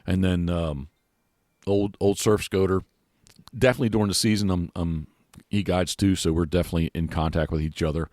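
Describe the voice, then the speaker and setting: Deep-voiced man, rambling podcast host. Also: steady tone, fairly quick, darkish tone, no echo, studio quality. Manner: rambling, many restarts and fillers. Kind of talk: casual chat. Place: outdoors.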